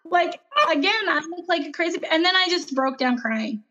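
A woman in her thirties, a podcast co-host, telling a hectic family story in casual chat with lively acted-out quotes. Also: extremely high pitch, moderate pace, lo-fi sound. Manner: animated, breathless retelling with acted-out quotes.

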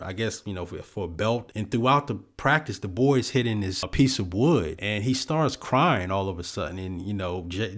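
A man hosting a solo book-review podcast, talking in an earnest, reflective way with lots of "you know" fillers. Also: on the low side.

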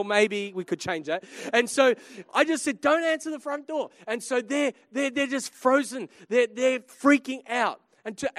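A man preaching a sermon, telling a humorous family story with lively swings between quiet and loud. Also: very high-pitched, dry recording, studio quality. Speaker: pastor.

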